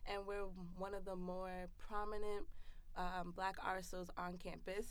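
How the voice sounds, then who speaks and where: Young american woman, podcast guest, mid-pitched voice, relaxed, friendly. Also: measured pace, clear, resonant tone. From United States. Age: young adult. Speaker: guest, student club president. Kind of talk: podcast interview.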